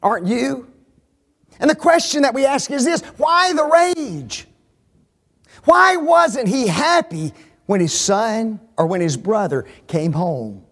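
A man delivers a sermon slowly in a high, lively voice, shifting from quiet asides to loud emphasis. Again and again he challenges the congregation with rhetorical questions.

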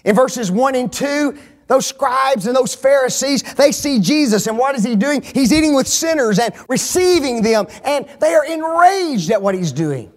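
A man preaching a sermon in a high, animated voice. He swings from hushed asides to shouted emphasis. He keeps pressing the congregation with rhetorical questions. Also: a little slow.

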